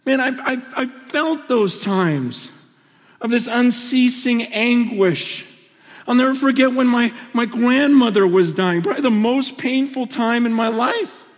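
High-voiced impassioned male preacher. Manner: impassioned, confessional storytelling with quick restarts. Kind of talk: sermon. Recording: long reverb of a large hall.

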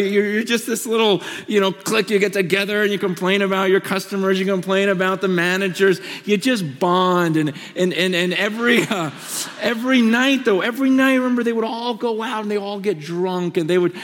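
A man in his forties preaching a sermon, telling personal stories with passion and quick restarts. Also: high voice. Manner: impassioned, confessional storytelling with quick restarts. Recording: long reverb of a large hall.

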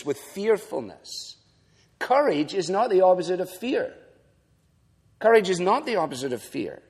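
A man's voice: on the high side, big-room sound. An older man preaching a sermon as pastor, emphatic and repeating lines for effect.

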